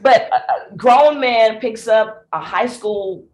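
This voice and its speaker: A middle-aged woman from Mississippi with a Southern accent, a singer telling her life story in an interview, animated and laughing often. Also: on the high side, takes it slowly, roomy sound. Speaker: guest, singer and speaker.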